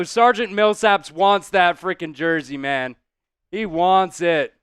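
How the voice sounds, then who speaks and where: Excitable high-voiced male stream commentator. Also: slow pace, clear, resonant tone, no echo, studio quality. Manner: excitable, swears, talks to chat. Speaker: host doing live play-by-play. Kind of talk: casual live-stream commentary.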